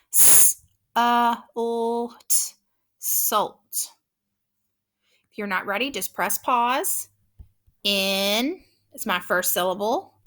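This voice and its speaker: A woman teaching a phonics lesson, patiently sounding out words slowly and clearly. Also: mid-range voice, bright, forceful tone. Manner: patient, encouraging.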